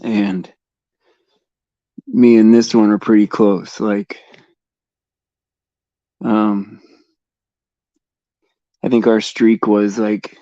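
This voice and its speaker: A man hosting a casual Christian livestream, talking haltingly with many fillers and repeated words, and leading a prayer. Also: fairly low pitch, flat delivery, dark tone, no room sound. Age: adult father of a son over eight. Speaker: livestream host. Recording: dull lo-fi stream mic.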